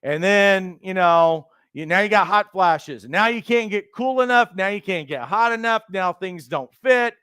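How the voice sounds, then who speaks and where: A man teaches would-be coaches in an animated motivational talk, slipping into the voices he quotes. His voice sits high and comes across smooth and resonant. The sound is dry and close, with no room in it. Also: normal speed, few pauses, no room sound. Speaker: life coach trainer.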